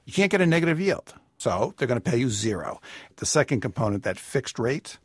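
Husky-voiced man explaining finances. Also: medium pitch, sing-song, dry recording. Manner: explanatory, measured. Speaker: personal finance expert. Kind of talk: radio call-in advice. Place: radio studio.

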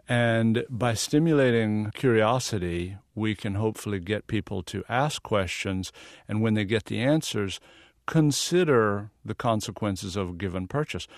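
A man's voice: on the low side, no room sound, clean studio sound. A man from the American South, a photographer guest in a radio interview, explaining his work earnestly.

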